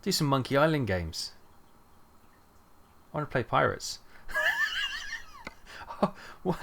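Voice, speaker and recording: A man's voice: medium pitch, sing-song, slow pace, vocal fry, very noisy. A man streaming a trucking game, rambling and thinking aloud with lots of fillers. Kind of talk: casual gameplay chat.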